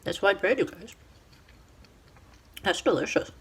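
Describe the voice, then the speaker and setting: A woman hosting a casual cooking show from her home kitchen, talking chattily and excitably to viewers as she works through each step. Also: medium pitch, unhurried. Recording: background noise and clicks.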